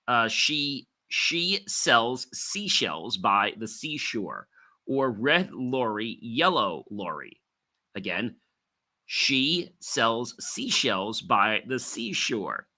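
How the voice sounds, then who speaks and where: A man hosting a podcast, coaching listeners on clear speech in an emphatic, direct delivery. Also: mid-range voice, bright, forceful tone. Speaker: podcast host and speaking coach. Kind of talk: instructional podcast talk.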